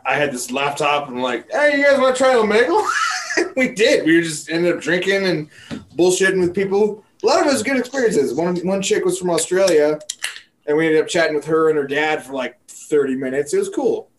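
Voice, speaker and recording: A man in casual podcast chat, telling crude, animated stories and laughing often. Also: fairly high pitch, fairly quick, a little hiss or hum.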